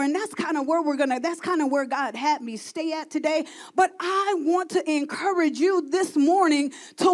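A woman preaching a sermon to a congregation, calling out to the crowd and building to shouts. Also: high-pitched. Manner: call-and-response preaching, rising to shouting.

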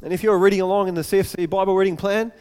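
High-voiced man preaching a sermon. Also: fairly even intonation, very fast, a little mellow, clean tone, in a large hall. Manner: earnest, repeats words as he speaks. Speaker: pastor.

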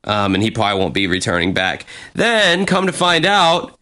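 A man casually telling a story on a chat show, animated and swearing, acting out what people said. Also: on the low side, normal speed. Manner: animated, acts out quotes with profanity.

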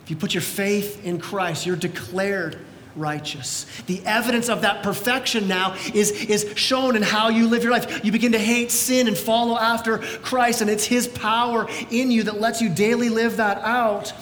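A middle-aged male pastor preaching a sermon, energetic, often repeating words as he goes. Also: moderate pace. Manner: energetic, repeats words, acts out quoted voices. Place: large church sanctuary. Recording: echoey church hall with faint rumble.

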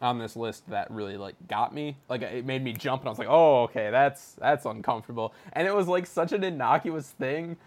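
A man chatting casually, animated, laughing often and using lots of fillers. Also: mid-range voice, fairly quick, few pauses. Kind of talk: casual chat.

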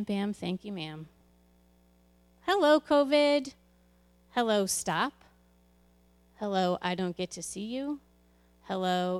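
A woman's voice: fairly low pitch, a little mellow. A woman who leads a church's children's ministry, giving a candid, conversational personal testimony to a congregation, often restarting her sentences.

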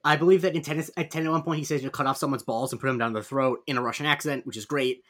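A man guest on a podcast, running through a film's cast with quick, sarcastic remarks. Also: medium pitch, fairly even intonation, fairly bright tone. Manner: quick, sarcastic, list-driven. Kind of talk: casual film review chat.

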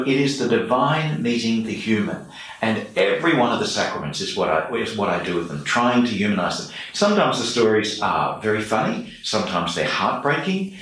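Echoey Australian priest telling stories. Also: male voice, lowish voice, a bit bright. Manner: earnest, reflective. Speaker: priest, interview guest. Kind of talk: storytelling in an interview. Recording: echoey room, mic far off.

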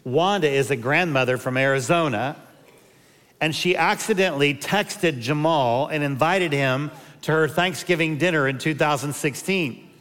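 A man's voice: fairly high pitch, moderate pace, a bit bright, in a large hall. A man in his fifties, a pastor giving a sermon and telling humorous personal stories. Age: 50s. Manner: humorous storytelling with personal anecdotes.

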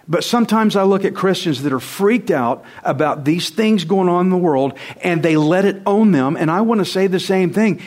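A man's voice: on the high side, expressive, moderate pace, few pauses. A male pastor preaching a sermon, emphatic and conversational, firing rhetorical questions straight at his congregation. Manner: conversational, direct address to the congregation.

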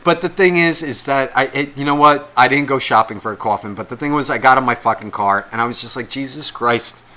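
A man with a bright, forceful voice rambles through a casual story on a podcast. He swears constantly and sounds exasperated. He slips into the voices of the people he describes. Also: medium pitch. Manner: acts out the voices of people in his stories. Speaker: podcast co-host.

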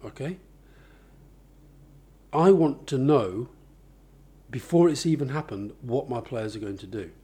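Husky, mellow man explaining ideas. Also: mid-range voice, a little slow, pauses often. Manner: thoughtful, explains with examples, many restarts. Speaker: author and interviewee. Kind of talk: conversational interview.

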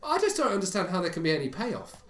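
A man trades opinions in casual podcast banter, his voice a touch high and full of lively pitch swings. He sounds playful and stubborn. The room is echoey, with faint music behind him. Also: fast talker. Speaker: podcast co-host. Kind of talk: casual chat.

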